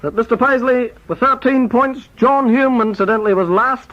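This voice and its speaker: A man hosting a spoof quiz in a brisk, mock-formal announcing style. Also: very high-pitched, bright, forceful tone. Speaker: quizmaster. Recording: dull lo-fi tape recording.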